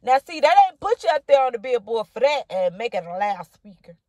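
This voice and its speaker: A woman's voice: a little high, big pitch swings, fairly quick, a little mellow, no room sound. A woman minister preaching to camera with impassioned, rhythmic repetition, calling the listener honey and baby. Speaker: minister giving a prophetic word.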